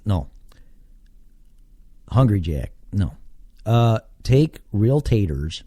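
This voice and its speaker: A man's voice: fairly low pitch, very animated, very slow, warm tone, dry recording, clean studio sound. A man from Texas, hosting a casual solo podcast from his basement and rambling as he thinks aloud, with casual swearing. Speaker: podcast host. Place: home basement.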